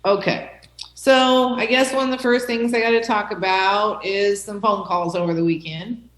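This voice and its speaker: A woman teacher at a middling pitch, gently reassuring her students and often checking that they follow along. Her voice carries a roomy echo, as if recorded across a classroom. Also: steady tone, normal speed. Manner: reassuring, checks in with "okay?" and "right?". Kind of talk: classroom talk.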